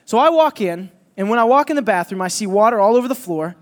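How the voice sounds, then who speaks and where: A man preaching a sermon, telling a lively personal story and teasing his listeners. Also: high-pitched, quick pace, big-room sound. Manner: animated, joking storyteller who teases the audience.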